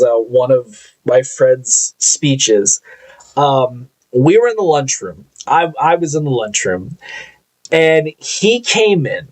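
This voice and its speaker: Lively, blunt man telling a story. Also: fairly high pitch, rough recording. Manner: animated, blunt storyteller who swears casually. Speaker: podcast host. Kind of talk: casual storytelling on a live podcast.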